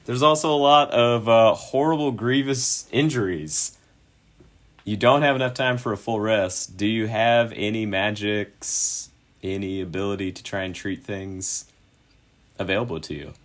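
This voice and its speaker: A low-voiced man narrates as game master of a tabletop game. He lays out the story for his players in a relaxed, easygoing way and laughs often. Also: unhurried.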